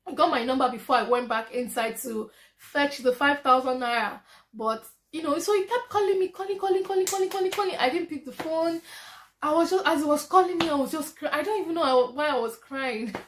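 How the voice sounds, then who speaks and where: A young Nigerian woman with a Nigerian accent, animated and laughing often as she tells a story on her vlog. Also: high-pitched, fairly quick, a little hiss or hum. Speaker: vlogger.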